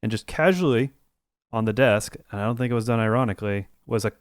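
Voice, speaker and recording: A man with a lowish, smooth voice rambles casually through a story, piling on "like" and "you know" as he goes. He sounds dry and close to the mic, with no room around him. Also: quick pace, dry recording. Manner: rambling, full of "like" and restarts. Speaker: podcast co-host. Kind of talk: casual chat.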